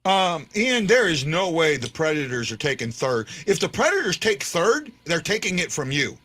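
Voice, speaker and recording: Brief: man, emphatic hockey show host, high bright voice, very lively delivery. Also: moderate pace. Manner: argumentative, emphatic. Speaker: podcast host. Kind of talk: casual sports talk.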